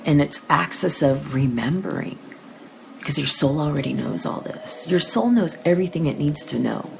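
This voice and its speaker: A woman hosting a live psychic reading session, talking casually and emotionally to her viewers, tearful, with soft laughs and restarts. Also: deep voice, expressive, normal speed, creaky, background noise.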